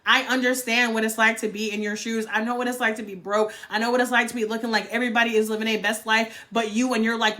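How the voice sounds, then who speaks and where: A woman's voice: fairly high pitch, a little fast, few pauses, bright, forceful tone. A woman, giving a blunt, fired-up motivational livestream talk and swearing freely. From North Carolina, US. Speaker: livestream host.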